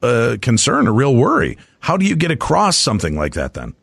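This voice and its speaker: Gravelly radio host asking quick questions. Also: male voice, mid-range voice, huge pitch swings, fairly bright tone, no room sound. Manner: quick, jokey follow-up questions. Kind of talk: conversational radio interview.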